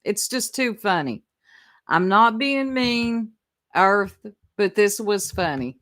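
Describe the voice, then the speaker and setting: A woman's voice: medium pitch, expressive, slow pace, a bit bright. A woman, chatting casually with viewers and laughing as she reacts to clips. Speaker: commentary streamer.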